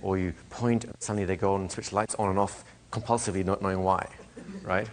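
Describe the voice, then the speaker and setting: A man lecturing a live class as a hypnosis trainer, animated, asking the room questions and acting out little scenes. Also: low voice, quick pace.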